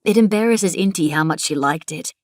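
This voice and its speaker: A woman voicing a sharp-tongued Australian twin. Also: on the low side, brisk, no echo, studio quality, close to an everyday voice. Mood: scathing. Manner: forceful, cutting, pointed. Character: bold theatrical young woman, twin sister.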